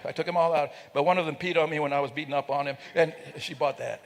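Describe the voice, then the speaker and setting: Telling stories at an event, this guest speaker jokes with the crowd and mimics sounds and voices. His voice is on the high side with a steady tone and a fast delivery. The event hall gives long reverb, with slight background noise.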